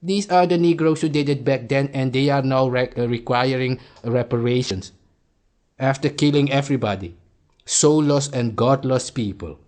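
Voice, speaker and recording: A man rants in a heated, insulting way. He repeats his points forcefully and talks at a middling pitch. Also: moderate pace. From Suriname. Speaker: commentator. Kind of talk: angry reaction rant.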